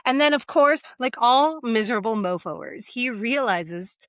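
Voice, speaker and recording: A young woman co-hosting a casual book discussion, animated, slipping into voices for characters. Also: fairly high pitch, normal speed, dry recording. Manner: animated, acts out characters in quoted asides. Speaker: podcast co-host.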